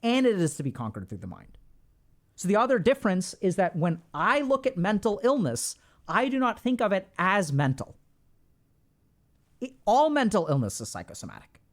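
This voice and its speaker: Speaking straight to his chat, a middle-aged livestream host talks informally about mental health, lecturing with casual emphasis and repeating phrases to drive points home. His voice sits high and swings hugely in pitch. He talks at a normal speed.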